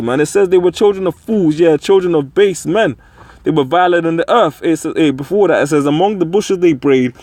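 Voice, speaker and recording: Profane, ranting man with a higher voice. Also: darkish tone, dry recording. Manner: profane, repeats "man" constantly; laughs mid-sentence. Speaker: online preacher. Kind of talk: ranting religious commentary.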